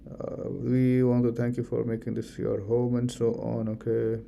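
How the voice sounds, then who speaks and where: A man's voice: medium pitch, monotone, normal speed, vocal fry, warm tone, slight background noise. A young man with an Indian accent streaming his study session, muttering distractedly, swearing casually and calling everyone bro. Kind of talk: casual live-stream chatter.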